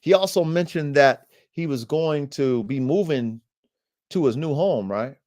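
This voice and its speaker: A man's voice: a little high, lively intonation, measured pace, darkish tone. A man hosting a dog podcast, talking casually and animatedly in slang, calling listeners family and bro. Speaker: podcast host and dog trainer.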